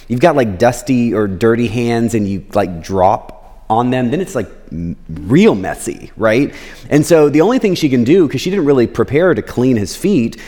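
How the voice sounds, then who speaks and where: Casual pastor man in a big echoing hall. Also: darkish tone. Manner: conversational, keeps asking "right?"; acts out quotes with big pitch jumps. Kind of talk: sermon. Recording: long reverb of a large hall.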